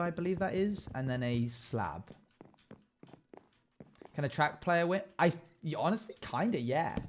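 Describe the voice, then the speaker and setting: A young man live-streaming, chatting casually as he builds and thinking out loud while he answers chat. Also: mid-range voice, slight background noise.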